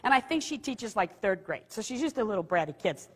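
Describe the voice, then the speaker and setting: A woman telling a personal story with animated delivery, laughing often and jumping into high excited outbursts. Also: fairly quick, breathy edge, big-room sound. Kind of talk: testimony storytelling.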